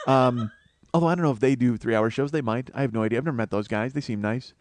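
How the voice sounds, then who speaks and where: Fast-talking man ranting on a comedy podcast. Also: dry recording. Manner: rambling, profane, slips into loud high-pitched mock voices. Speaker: comedian host. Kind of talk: solo comedy podcast monologue.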